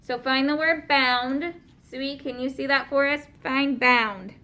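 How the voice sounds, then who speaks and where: A woman teaching a class of young students, patiently asking questions and slowing down to spell out and explain words. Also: sits high, fairly even intonation, sharp tone.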